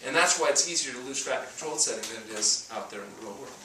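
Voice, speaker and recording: A man's voice: medium pitch, lively intonation, racing, very noisy. A man giving a talk on health to an audience, telling stories and acting out the people in them. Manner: storytelling, acts out dialogue. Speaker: doctor giving a talk on fasting. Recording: echoey room, mic at a distance.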